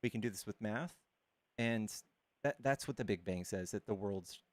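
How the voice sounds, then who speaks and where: A man debating a caller on his stream, arguing fast, cutting in and trailing off mid-sentence. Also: lowish voice, no echo. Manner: argumentative, quick to interrupt, trails off mid-sentence. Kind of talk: casual debate.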